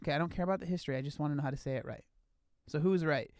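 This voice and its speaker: A man live-streaming in a casual chat, animated and incredulous as he talks to his viewers. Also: fairly high pitch, very fast, dry recording, clean studio sound.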